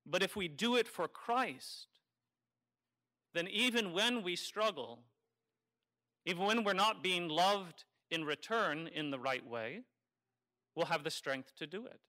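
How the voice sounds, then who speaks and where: Male priest, homily delivery, wry and conversational, bright and slightly high voice. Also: expressive, slow pace, pauses often. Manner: conversational and wry, teasing the congregation. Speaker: Catholic priest. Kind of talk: sermon.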